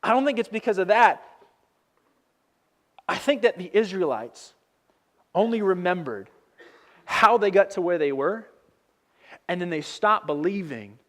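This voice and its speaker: Casual young male pastor, slightly high. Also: fairly bright tone. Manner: conversational storytelling with fillers and paraphrased dialogue. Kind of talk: casual sermon.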